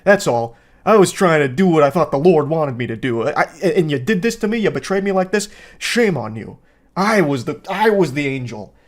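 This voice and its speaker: A man putting on a mocking voice of a furious, whiny, self-righteous young man who rants and shouts in exaggerated bursts. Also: a little high, big pitch swings, moderate pace.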